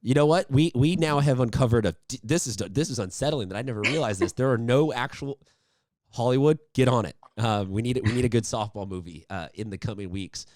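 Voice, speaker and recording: A man's voice: medium pitch, brisk, a little mellow, no echo. A man hosting a sports interview, upbeat and chatty, rambling with restarts. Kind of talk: casual interview.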